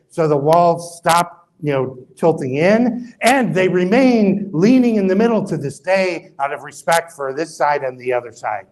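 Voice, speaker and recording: Animated storytelling rabbi, a man. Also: moderate pace, hardly any pauses, low-quality recording. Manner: animated, acts out quoted voices with rising pitch; conversational, many fillers and asides. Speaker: rabbi giving an interfaith talk. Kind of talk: casual storytelling lecture.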